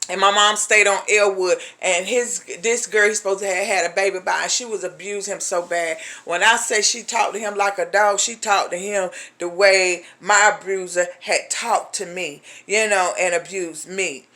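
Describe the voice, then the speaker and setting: A woman's voice: medium pitch, fairly even intonation, moderate pace, hardly any pauses, bright, forceful tone. A woman from a ministry giving personal testimony in an emphatic, colloquial way, addressing listeners as "honey" and acting out the voices of the people in her story.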